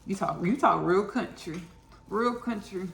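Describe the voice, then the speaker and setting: Gravelly-voiced Texan woman cooking and chatting. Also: mid-range voice, unhurried, roomy sound. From Austin, Texas. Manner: chatty, repeats phrases, laughs at own jokes. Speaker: home cooking host. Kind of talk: casual cooking vlog.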